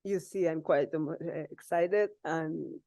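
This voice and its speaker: A woman from Spain with a Spanish accent, giving an unprepared, emotional acceptance speech in halting English with laughs. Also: low voice, creaky, mellow, no echo. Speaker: award winner.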